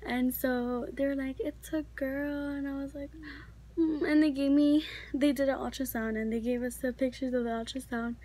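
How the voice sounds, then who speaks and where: A teenage girl tells a story in a casual, rambling way, her voice sitting high. She talks in a chatty rush, packed with fillers. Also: little pitch movement, normal speed, mellow. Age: teens. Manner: chatty, filler-heavy, many likes. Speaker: vlogger.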